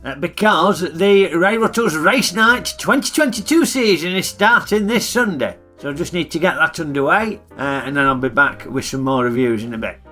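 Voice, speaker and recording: A man's voice: on the high side, normal speed, hardly any pauses, bright, forceful tone, faint music behind. A middle-aged man with a Northern English accent giving blunt, grumbling film reviews in a comic character vlog.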